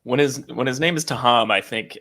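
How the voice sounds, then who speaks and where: A man's voice: medium pitch, brisk, sharp tone. A man co-hosting a podcast, chatting casually and telling stories with a laugh. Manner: laughing, tells stories with acted quotes. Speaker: podcast co-host. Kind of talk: casual chat.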